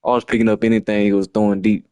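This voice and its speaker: A man's voice: lowish voice, level tone, racing, mellow, smooth, no room sound. A man, breaking down a lost football video game in a frustrated, slangy ramble on a livestream. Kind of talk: casual game replay breakdown.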